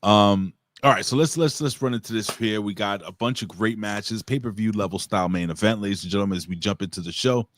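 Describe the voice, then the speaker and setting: A man's voice: on the low side, fast, hardly any pauses, no echo. A man hosting a casual wrestling review show, joking and slipping into announcer-style hype. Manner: animated, announcer-style shouting bits. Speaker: show host.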